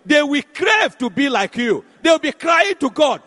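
A man preaching a sermon, shouting and exhorting the congregation with repeated phrases. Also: very high voice, very animated, normal speed, hardly any pauses. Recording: echoey hall.

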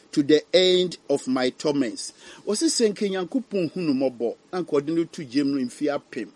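A man preaching a fiery sermon, swinging from hushed warnings to loud cries. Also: on the high side, lively intonation, normal speed, no room sound.

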